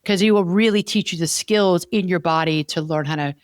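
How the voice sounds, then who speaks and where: A woman's voice: on the low side, a little fast, smooth, dry recording, clean studio sound. A woman therapist hosting a podcast, explaining ideas in a teaching way and checking in with "okay?" as she goes. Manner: didactic, repeats key points with "okay?".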